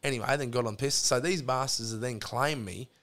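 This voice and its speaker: A man's voice: mid-range voice, a little fast, fairly bright tone. An Australian man, a podcast guest, telling long rambling stories in casual chat, full of swearing and fillers.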